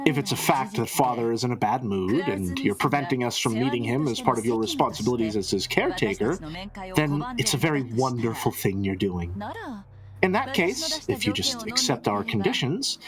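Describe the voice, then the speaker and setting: A man voicing a sharp-tongued scheming middle-aged woman in a visual novel read-through, needling and mocking, his voice leaping up high. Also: close to an everyday voice. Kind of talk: dramatic reading of a visual novel. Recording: music playing behind.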